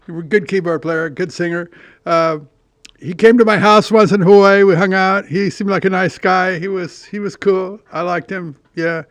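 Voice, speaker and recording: An older man from California with a high, smooth voice, rambling through stories on his own podcast. He restarts often, swears casually and pokes fun at himself. The sound is close and dry, with no room around it. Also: fairly even intonation, moderate pace, no room sound. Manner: meandering, profane, self-deprecating storytelling with many restarts. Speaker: podcast host. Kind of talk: rambling monologue.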